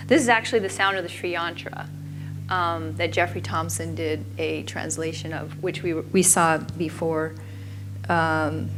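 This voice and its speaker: A woman's voice: sits low, fairly even intonation, measured pace, pauses often, music in the background. A woman giving an informal talk at a conference in a chatty way, often stopping and restarting her sentences. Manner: chatty, self-interrupting, frequent restarts. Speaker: conference presenter.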